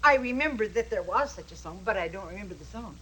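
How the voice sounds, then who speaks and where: A woman hosting a TV puppet show, patient and gently wry as she talks with the puppets. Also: mid-range voice, lively intonation, quick pace, a little hiss or hum, rough recording. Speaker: host. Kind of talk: scripted TV chat with puppets.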